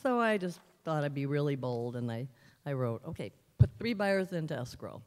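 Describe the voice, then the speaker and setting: A woman's voice: deep voice, sing-song, normal speed, a little mellow, big-room sound. A woman in her fifties giving an earnest personal testimony at a church service, telling her story with emphatic repetition. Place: large church sanctuary.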